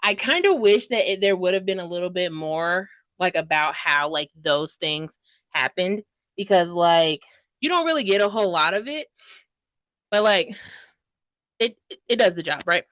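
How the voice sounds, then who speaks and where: A woman's voice: fairly low pitch, animated, moderate pace, fairly bright tone, no room sound. A young woman giving a casual, dramatic book review, full of fillers and rambling asides. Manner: gushing, dramatic, heavy filler "like".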